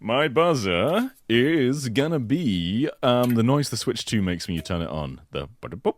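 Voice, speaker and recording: A man co-hosting a podcast over a video call, relaxed and mostly chiming in with short remarks. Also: mid-range voice, a little slow. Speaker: podcast co-host. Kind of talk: casual podcast chat.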